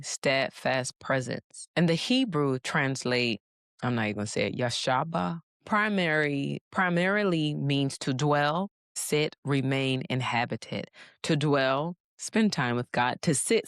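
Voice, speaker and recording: Low-voiced woman preaching. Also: animated, slow pace, no echo, clean studio sound. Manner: preachy, with casual slangy asides. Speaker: faith speaker. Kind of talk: motivational sermon.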